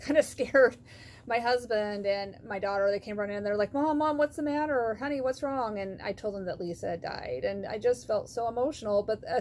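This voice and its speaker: A woman's voice: medium pitch, darkish tone, a little hiss or hum. Heartfelt middle-aged woman telling a story. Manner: heartfelt, rambling with many fillers. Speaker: vlogger. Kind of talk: personal faith testimony.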